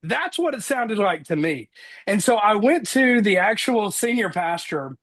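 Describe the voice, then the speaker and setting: A man in his thirties giving an earnest motivational talk, energetic as he tells personal stories on a call. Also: high-pitched, a little slow. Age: 30s. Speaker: motivational speaker.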